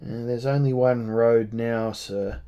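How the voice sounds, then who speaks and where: A man's voice: mid-range voice, steady tone, slow, warm tone, smooth, muffled recording, natural voice. A man voicing a corrupt, half-mad villain who speaks in a sly, sneering way.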